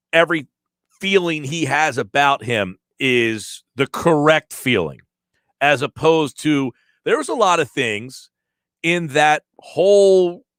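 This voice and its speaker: A man hosting sports talk radio, breaking down a news article with animated delivery and acted-out quotes. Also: on the high side, no echo, clean studio sound. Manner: animated, reads article quotes aloud and acts out tones.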